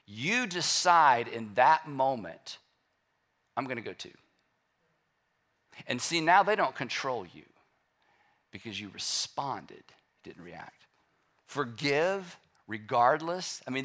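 A man's voice: medium pitch, very animated, takes it slowly, long pauses, a bit bright. A male pastor giving a sermon in a conversational way, acting out people's inner voices as he speaks.

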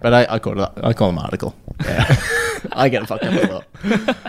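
A man's voice: mid-range voice, big pitch swings, moderate pace, slight background noise. A young man, chatting loosely as a podcast co-host, laughing and swearing freely. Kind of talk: casual chat.

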